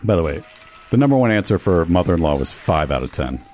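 A man's voice: deep voice, sing-song, fast talker, a little mellow, slight background noise. A man co-hosting a casual chat, wry and inquisitive.

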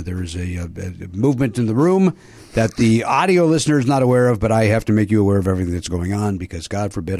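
A man's voice: medium pitch, darkish tone. A middle-aged man hosting a comedy podcast, talking casually and self-deprecatingly with lots of filler words. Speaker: podcast host. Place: podcast studio.

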